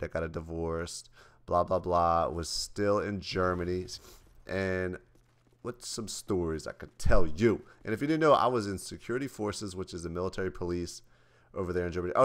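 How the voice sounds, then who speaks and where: A man's voice: sits low, a bit bright. A young man and vlogger, casually telling loose, profane stories with many restarts. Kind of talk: casual storytelling to camera.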